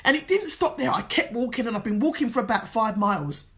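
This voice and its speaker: A woman's voice: a little high, animated, quick pace, fairly bright tone. A woman life coach from England telling an earnest, emotional motivational story, tearful at times. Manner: emotional, earnest, tells a story with quoted dialogue.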